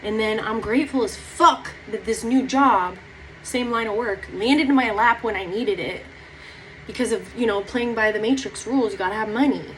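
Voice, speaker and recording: A woman's voice: a little high, moderate pace, fairly bright tone, slight background noise, poor audio. A young woman talking through her feelings in a rambling personal vlog, close to tears, swearing casually. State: near tears. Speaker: vlogger.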